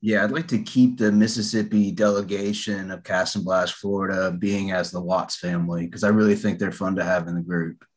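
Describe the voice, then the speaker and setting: A man calling in to a podcast, teasing the host in a dry, deadpan way. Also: low-pitched, fairly quick, hardly any pauses. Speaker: caller. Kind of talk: casual call-in chat.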